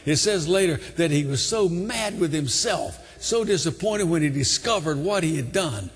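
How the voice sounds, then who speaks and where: An older man preaching a sermon, retelling a story with dramatic swings from hushed tones to shouting. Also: on the high side, animated, moderate pace, breathy edge. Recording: long hall reverb.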